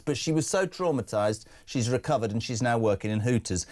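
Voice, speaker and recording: A middle-aged man running a live breakfast radio show, talking at a steady, ordinary pitch. He keeps a jokey patter going as he reads listener messages and chats with callers. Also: a little fast, hardly any pauses. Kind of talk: live radio phone-in chat.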